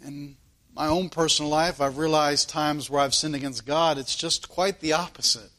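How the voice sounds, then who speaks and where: A man's voice: a little high, fairly even intonation, normal speed, a bit bright. A man preaching a sermon in an earnest, questioning way, often repeating his phrases.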